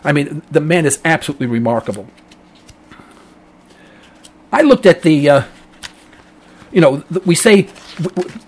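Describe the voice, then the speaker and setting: A middle-aged man hosts a talk radio show, ranting emphatically in a rambling monologue and mocking callers in a dopey voice. His voice sits on the high side, very animated, at a moderate pace with long pauses.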